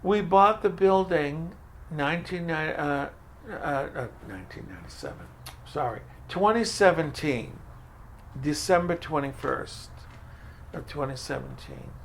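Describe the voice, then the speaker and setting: A man's voice: a little high, animated, measured pace, vocal fry, a little hiss or hum. An older man telling his story in an oral history interview, acting out the voices in his dialogues. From Franco-American, from Maine. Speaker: food pantry director.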